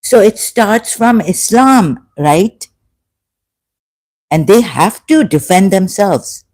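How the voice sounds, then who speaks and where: A woman YouTuber gives live-stream commentary on her chat, speaking haltingly with many fillers and an indignant edge. Her mid-range voice is animated with a darkish tone.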